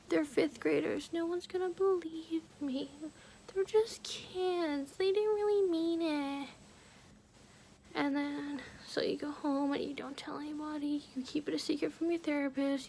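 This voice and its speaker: High, gravelly young woman half-whispering. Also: a little hiss or hum. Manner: hushed, often slipping into a whisper; halting, heavy use of "like". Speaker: vlogger. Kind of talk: personal storytelling.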